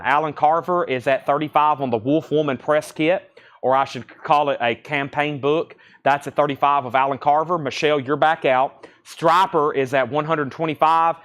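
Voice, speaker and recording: A man hosting a live online record auction, calling out titles, prices and bidders in a brisk, businesslike patter. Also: mid-range voice, a bit bright, clean tone. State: throat a bit choked, coughing.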